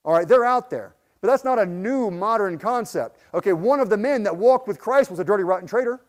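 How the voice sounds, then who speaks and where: A man with a high voice preaches a sermon, telling a personal story. He pushes hard on his key lines, then drops to a soft, low register, often stumbling over and repeating his words. He sounds like a pastor speaking from the heart. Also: expressive, brisk. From United States. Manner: earnest, builds to emphatic peaks, then drops low and soft; frequent restarts and repeated words.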